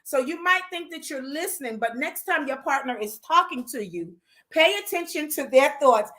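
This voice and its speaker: A woman's voice: high voice, expressive, normal speed. A woman hosting a relationship advice talk, chatty and informal, with features. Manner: chatty, warm asides to her pet mid-talk. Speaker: host.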